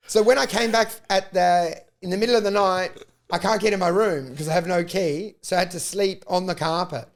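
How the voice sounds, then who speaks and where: High, gravelly Australian man ranting. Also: a little fast. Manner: profane, animated, rant-like storytelling. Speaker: comedian podcast host. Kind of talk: casual comedic storytelling.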